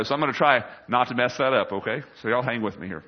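A man preaching a sermon as a pastor, swelling loud and high when quoting scripture and dropping low and quiet for asides. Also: fast talker, hardly any pauses, highs cut off.

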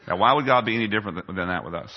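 Middle-aged male pastor, lowish voice, chatty sermon, muffled lo-fi recording. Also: rapid-fire. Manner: conversational preaching with questions to the congregation. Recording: dull lo-fi sound.

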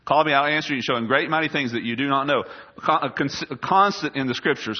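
A pastor delivers a sermon. His voice swells loud and high on scripture, then drops low and quiet for asides. The recording sounds dull and lo-fi. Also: expressive, brisk.

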